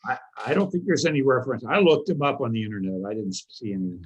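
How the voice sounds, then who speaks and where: A man on a collectors' panel, speaking in halting sentences full of restarts. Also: medium pitch, very animated, husky, rough recording. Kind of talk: casual panel chat.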